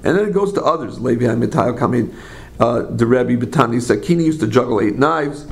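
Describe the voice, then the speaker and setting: A man teaching a religious class, an animated storyteller who asks rhetorical questions, makes asides to his listeners, and often corrects himself mid-phrase. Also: mid-range voice, a little fast, vocal fry. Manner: frequent self-corrections and trailing phrases. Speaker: Torah teacher.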